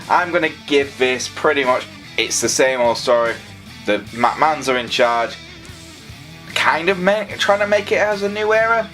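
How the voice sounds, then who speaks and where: A man's voice: mid-range voice, fairly bright tone. A man giving a casual, sarcastic and rambling review of a wrestling show.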